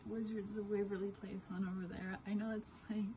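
A woman in her twenties vlogging at home, giving her dog commands in a raised pet-talk voice and chatting quietly to the camera. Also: medium pitch, level tone, brisk, lo-fi sound, slight background noise. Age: 20s. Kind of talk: casual vlog, training her dog. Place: home, indoors.

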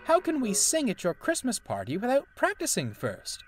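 Cheerful choir girl, a guy doing a high voice, teasing, way up in pitch. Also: wildly swooping pitch, moderate pace, soft background music, heavily acted. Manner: bright, teasing. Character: cheerful young woman choir leader. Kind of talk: storybook voice acting.

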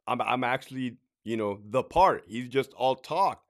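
A man's voice: medium pitch, a little slow. A man in his late thirties tells his own career story in a casual vlog, swearing freely and rambling as he keeps tagging his sentences with "right?". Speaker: prison sergeant and veteran telling his career story.

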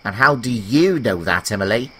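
A man voicing a vain, teasing male engine who talks in a mocking, theatrical way, over loud background music. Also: lowish voice, expressive, normal speed, breathy edge, heavily acted. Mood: smug.

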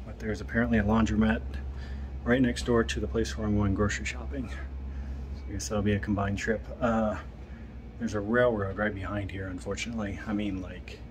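A man talks through his hiking day in a loose, self-mocking vlog, with dry jokes between updates. His voice sits a little low. Steady noise runs under the outdoor recording. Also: a little fast. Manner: wry, self-mocking running commentary. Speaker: long-distance hiker vlogging. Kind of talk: casual trail vlog.

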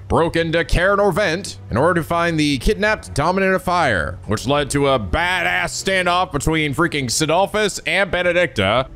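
A man hosting a let's play, recapping the story in excitable, jokey, swear-filled commentary with sudden shouts. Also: on the high side. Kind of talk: energetic gameplay commentary.

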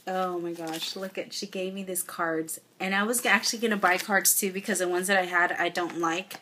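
A woman's voice: on the low side, fairly even intonation, moderate pace, background noise. Gushing young woman unboxing gifts. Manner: gushing, effusive, often near tears. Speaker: vlogger. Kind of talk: casual unboxing vlog. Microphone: phone or camera mic.

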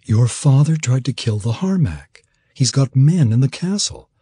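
A man voicing a young woman who speaks in an earnest, calm way. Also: mid-range voice, normal speed, breathy edge, no room sound, voice pushed up. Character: young woman, steady and sensible.

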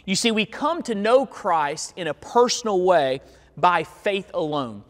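High-voiced preacher in a reverberant church. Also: male voice, lively intonation. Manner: emphatic preaching with slow, drawn-out key words. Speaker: pastor. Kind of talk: sermon. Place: church sanctuary. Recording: long hall reverb.

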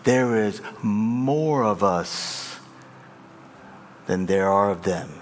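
A man voicing a calm old prophet who speaks quietly and steadily, with a long hall reverb on the voice. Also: fairly low pitch, fairly quick, a little hiss or hum, voice pushed down, lightly acted.

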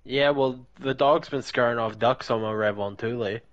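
A man's voice: mid-range voice, normal speed, a bit bright. A man gaming with a friend, trading wry, crude banter in casual chat. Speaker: co-op gaming partner. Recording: dull lo-fi, dry.

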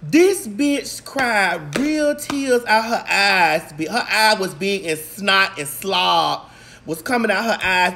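A woman in a casual, profane vlog rant recapping a movie, swinging between shouts, laughs and low mutters, a little congested. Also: expressive, slow, slight background noise. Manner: talks straight to viewers. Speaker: vlog host.

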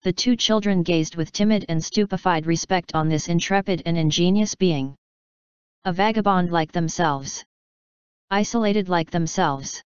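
Woman narrator for a classic audiobook; measured, crisp, dry close sound. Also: on the low side, darkish tone, dry recording, dull audio. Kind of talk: scripted narration of a classic novel.

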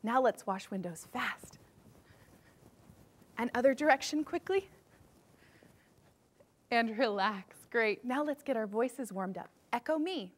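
High, lively woman music teacher. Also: slow, long pauses. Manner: upbeat, guiding movement warm-ups. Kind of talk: children's music lesson.

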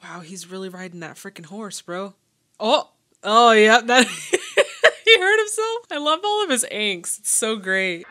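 A young woman hosting a casual movie reaction, gushing and excitable with slangy remarks. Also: medium pitch, moderate pace, soft background music.

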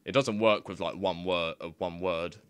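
A man's voice: low-pitched, fairly even intonation, normal speed, a bit bright, smooth, dry recording. A young man giving casual, rambling commentary on his screen, laughing often and swearing freely. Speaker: YouTuber.

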